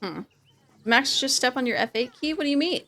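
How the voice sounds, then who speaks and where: Chatty woman streamer, slightly high voice. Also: expressive, fairly quick, fairly bright tone. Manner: chatty, repeats phrases, laughs often. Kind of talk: casual gameplay commentary.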